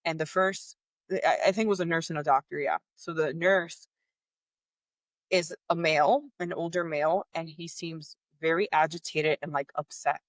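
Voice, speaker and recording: A woman's voice: sits low, normal speed, dry recording. A woman hosting a podcast, telling a personal story candidly and with frustration, acting out the voices of the people in it. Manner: candid, animated, acts out quoted dialogue; exasperated, frustrated. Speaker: podcast host.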